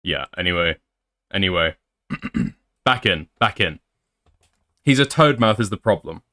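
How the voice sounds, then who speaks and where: A man's voice: deep voice, unhurried. Sarcastic man reading messages. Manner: sarcastic, blunt, animated. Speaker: commentary YouTuber. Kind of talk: commentary reading messages aloud.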